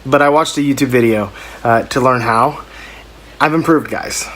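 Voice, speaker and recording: A man's voice: mid-range voice, normal speed, fairly bright tone. A man co-hosting a podcast, rambling and joking with many hesitations. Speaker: podcast co-host. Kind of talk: casual chat.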